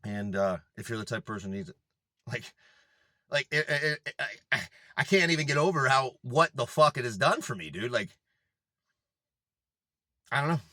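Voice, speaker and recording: A man's voice: medium pitch, animated, normal speed, pauses often, bright, forceful tone, dry recording. A young man in a casual monologue to camera, talking in a rambling, emphatic way full of swearing and filler words. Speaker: fitness vlogger.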